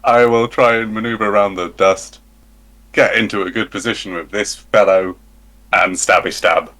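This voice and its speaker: A man playing a tabletop game, describing his character's attack in an animated, joking way. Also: on the low side, normal speed. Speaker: player.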